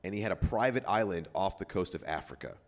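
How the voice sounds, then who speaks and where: A man's voice: low voice, animated, quick pace. A man hosting a podcast, telling a story in loose casual chat with lots of fillers and swearing. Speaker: podcast host.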